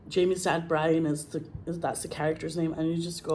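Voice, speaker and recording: Gushing Scottish actress, swearing freely. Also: female voice, sits low, moderate pace, hardly any pauses, dark tone, slight background noise. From Scotland. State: frog in her throat. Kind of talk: casual monologue.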